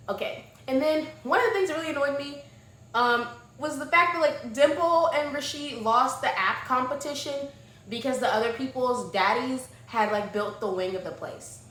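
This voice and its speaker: A young woman reviewing books in a casual chat, gushing and animated, dropping to soft murmurs and rising to loud exclamations. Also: sits high, moderate pace. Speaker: book vlogger. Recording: echoey room with faint noise.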